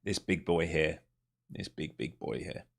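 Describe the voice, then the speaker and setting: A man's voice: extremely low pitch, a little slow, gravelly, fairly bright tone. A man streaming his day trading live, commenting on the market as he thinks aloud, joking and swearing at times. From not from the United States.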